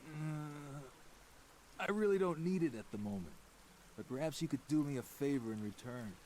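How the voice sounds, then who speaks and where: An actor playing a gruff, sardonic fisherman in a game, with a put-on accent and a folksy manner. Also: fairly high pitch, expressive, moderate pace, dark tone, a little hiss or hum, lightly acted. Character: gruff middle-aged male fisherman. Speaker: game character.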